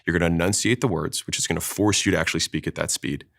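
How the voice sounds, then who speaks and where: A man explaining sales technique in a panel discussion, talking fast and emphatically. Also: low voice, steady tone, gravelly, fairly bright tone. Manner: fast, emphatic teaching delivery. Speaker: sales expert guest.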